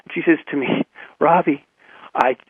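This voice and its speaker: A man telling a personal story in a conversation, animated, with many restarts and quoted dialogue. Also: mid-range voice, brisk, vocal fry, slightly rough, no echo. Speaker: guest. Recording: tinny phone-like radio audio.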